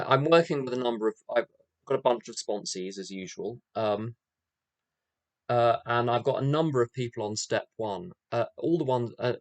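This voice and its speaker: A man's voice: medium pitch, dry recording. An older man giving a candid, self-mocking recovery talk, telling his story with rhythmic repeated phrases. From England. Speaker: AA speaker. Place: meeting room.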